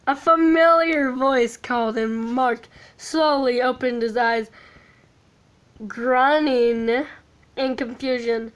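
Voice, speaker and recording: A woman's voice: sits high, steady tone, takes it slowly, clear, resonant tone. A woman casually reading a fan story aloud, often stumbling over words and adding chatty asides. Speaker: fan fiction reader.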